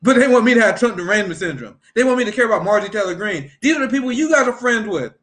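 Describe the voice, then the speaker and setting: A man's voice: sits high, lively intonation, rapid-fire, fairly bright tone. A man hosting a casual political talk show, ranting heatedly and profanely and laughing often. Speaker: political commentary host.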